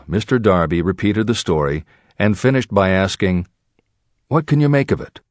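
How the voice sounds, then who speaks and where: Role: audiobook narrator. Sex: man. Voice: low with lively intonation. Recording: dry and close. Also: dry recording.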